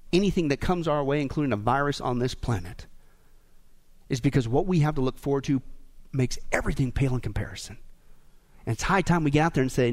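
A man preaching a sermon as pastor, animated and humorous, tossing questions out to the congregation. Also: fairly high pitch. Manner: call-and-response questions to the congregation.

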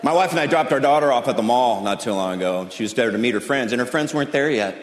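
A man's voice: medium pitch, animated, quick pace, a little hiss or hum. A male comedian doing stand-up, chatting with the audience in a conversational, questioning way. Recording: roomy stage with crowd ambience.

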